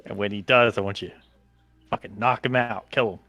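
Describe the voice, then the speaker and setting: A man's voice: fairly low pitch, fairly even intonation, fairly quick, sharp tone, dry recording, soft background music. A man playing in a tabletop game, talking in a dry, sarcastic way. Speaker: player. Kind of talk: casual tabletop game chat.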